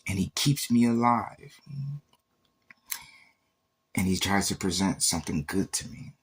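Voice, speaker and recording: Man, livestream testimony, intense and emotional, slow delivery. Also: sits low, husky. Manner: intense, emotional, repeats and acts out quoted exchanges. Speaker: livestreamer sharing faith testimony.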